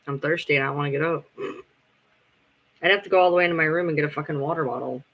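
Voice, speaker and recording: A man's voice: fairly high pitch, quick pace, muffled recording. A man chatting casually on a live stream, rambling, swearing freely and answering his chat as he goes.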